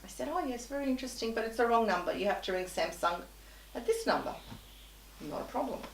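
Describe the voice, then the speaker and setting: A woman's voice: a little high, lively intonation, fast, far from the mic, slight background noise. A woman guest telling an anecdote in conversation, animatedly acting out both sides of the dialogue. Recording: echoey room.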